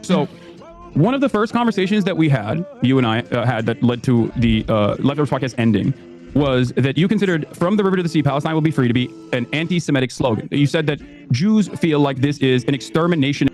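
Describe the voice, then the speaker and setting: A man fires off quick, pointed debate questions at a rapid clip. His voice sits at an ordinary pitch, and faint music plays in the background. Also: darkish tone. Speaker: debate participant.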